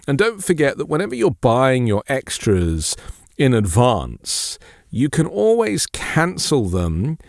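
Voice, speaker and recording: A man's voice: medium pitch, huge pitch swings, slow, no echo, clean studio sound. A man hosting a casual podcast, chattily handing out tips with enthusiasm. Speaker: podcast host.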